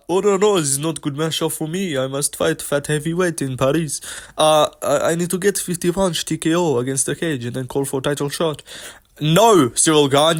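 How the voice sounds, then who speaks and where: A young man tears through fight picks in a rapid, profane, slang-heavy rant. His voice sits a touch high for a man, and he speeds up and slows down as he pushes his points. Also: a bit bright. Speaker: host. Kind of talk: MMA commentary rant.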